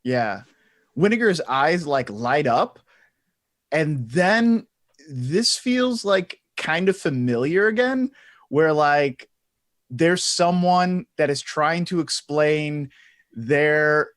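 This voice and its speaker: Slightly high-voiced man playing his character. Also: expressive, takes it slowly, a bit bright, no echo, studio quality. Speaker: player. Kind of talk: in-character tabletop play.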